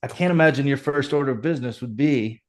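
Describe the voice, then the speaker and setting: A middle-aged man, a fire chief, telling his story in an animated, earnest way as a podcast guest. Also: mid-range voice, quick pace. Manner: animated, earnest, reenacts dialogue. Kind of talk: conversational storytelling.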